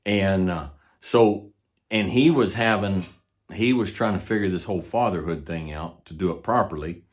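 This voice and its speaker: Older man, very low voice, folksy horse trainer, casual storytelling, soft trailing asides. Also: normal speed. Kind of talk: casual teaching talk.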